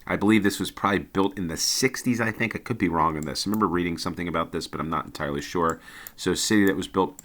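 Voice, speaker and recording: A man's voice: sits low, quick pace, a bit bright. A man giving casual commentary on a geography game, thinking aloud and hesitating with many ums.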